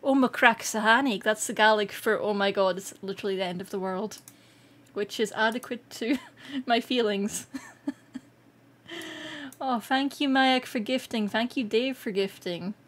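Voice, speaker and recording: A Scottish woman streaming live, chatting casually with viewers, excitable and quick to laugh. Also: on the high side. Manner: excitable and giggly, laughs often. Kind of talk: casual livestream chat.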